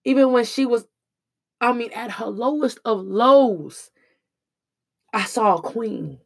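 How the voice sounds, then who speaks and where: A woman's voice: on the high side, slow, vocal fry, slightly rough. Earnest slangy woman giving life lessons. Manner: earnest, preachy, slangy and emphatic. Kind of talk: emotional personal monologue.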